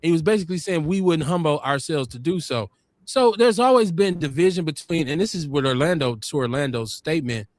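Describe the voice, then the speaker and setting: A man hosting a podcast, telling stories and arguing his points in an animated, emphatic way. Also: on the high side, a little fast, no echo. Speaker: podcast host. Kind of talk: casual debate talk.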